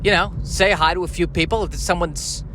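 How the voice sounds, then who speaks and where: A man's voice: sits high, steady tone, fairly quick, bright, forceful tone, a little hiss or hum. A man voicing a laid-back alien father with a New York accent, talking in a breezy, streetwise, shrugging way.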